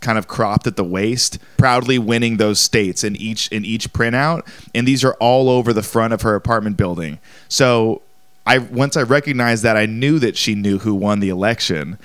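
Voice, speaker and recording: A man's voice: on the low side, moderate pace, fairly bright tone, clear, resonant tone, dry recording. A man telling a comedic story in a casual, rambling way, leaning heavily on the filler "like". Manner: rambling, heavy use of "like".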